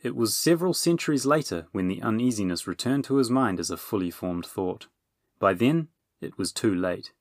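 Expressive male audiobook narrator. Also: fairly low pitch, moderate pace, no room sound, studio quality. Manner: expressive storytelling.

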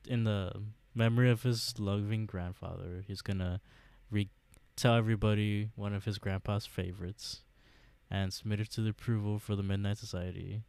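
A man co-hosting a podcast, recapping a TV episode in a casual, halting way with lots of fillers and restarts. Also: on the low side, vocal fry, a little mellow, clear, resonant tone, no room sound. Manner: hesitant, many fillers, laughs often. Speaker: podcast co-host.

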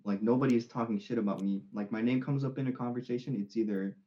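A man's voice: medium pitch, fairly even intonation, quick pace, warm tone. Young man, slightly dull recording. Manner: rambling, repeats words, quotes friends. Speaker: podcast guest. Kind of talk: casual chat.

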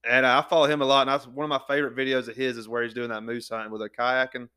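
A man's voice: mid-range voice, level tone, very fast, bright, forceful tone, clean tone. A man hosting a podcast, folksy and eager in a casual chat. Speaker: podcast host.

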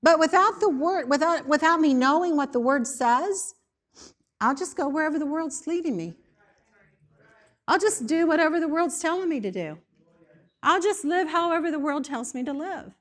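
Woman preaching a sermon, kinda high voice, emphatic, keeps repeating stuff in lists. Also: lively intonation, moderate pace. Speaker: speaker in a church setting.

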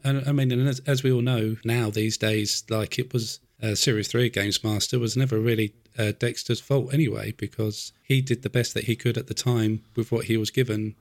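A man from Essex hosting a casual interview, relaxed and encouraging, laughing along with his guest. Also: fairly low pitch, moderate pace, hardly any pauses, dry recording. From Essex, England. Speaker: podcast host. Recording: dry close mic with faint music.

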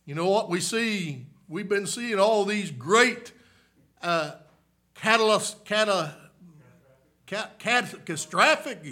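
A man preaching a revival sermon, swinging from hushed murmurs to shouted peaks and coming back again and again to a "my, listen, friend" refrain. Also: high-pitched, expressive, takes it slowly.

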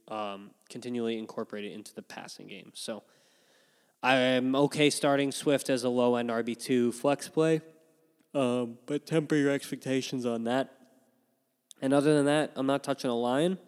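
Smooth-voiced man talking casual sports picks. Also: medium pitch, big-room sound. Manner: animated, opinionated, frequent ums and yawns. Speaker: fantasy football podcast host. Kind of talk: casual sports analysis chat.

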